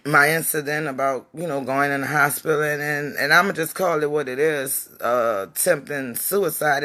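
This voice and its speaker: A woman hosting her own live-stream talk show, talking heartfelt and preachy straight to her viewers, emotional, with halting restarts. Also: low-pitched, bright, forceful tone, no echo.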